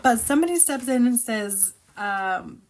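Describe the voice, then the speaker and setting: A woman chatting casually about a novel she is reading, excitable, opinionated and rambling as she reacts. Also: fairly high pitch, a little slow. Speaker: book reviewer reacting while reading. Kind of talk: casual book reaction chat.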